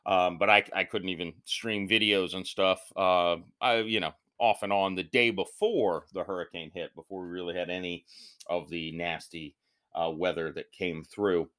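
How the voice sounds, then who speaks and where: Male podcast host, low voice, casual solo chat, rambling and self-deprecating. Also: fairly even intonation, normal speed, a bit bright.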